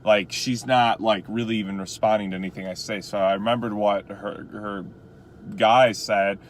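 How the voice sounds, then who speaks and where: A man's voice: on the low side, steady tone, moderate pace, slight background noise. A rideshare driver from Chicago, telling a story casually and packing his talk with "like" and "you know". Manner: chatty, lots of "like" and "you know".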